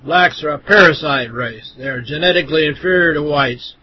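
A man with a fairly high, husky voice reads a first-person text aloud. His delivery is blunt and contemptuous. The recording sounds dull and lo-fi. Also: brisk. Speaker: reader.

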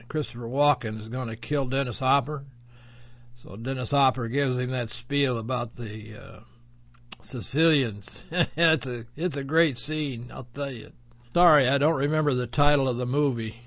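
A man hosting a radio show in a rambling, folksy monologue, chuckling often and boasting. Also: medium pitch. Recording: dull lo-fi audio.

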